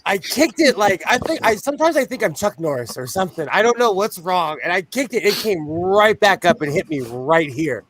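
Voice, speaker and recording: A man's voice: sits high, expressive, normal speed, hardly any pauses, noisy background. A man chatting casually on a podcast, telling rambling, self-mocking stories full of restarts. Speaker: podcast panelist. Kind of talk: casual chat.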